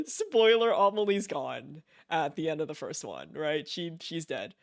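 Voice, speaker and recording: A man's voice: fairly high pitch, very animated, takes it slowly, creaky, no room sound, studio quality. A man live-streaming a video game, chatting casually in a gushing, giggly way and repeating himself.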